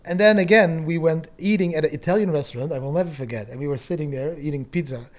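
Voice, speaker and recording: A middle-aged man telling stories in a casual podcast chat, animated, laughing often and swearing freely. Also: on the high side, fast talker. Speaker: guest.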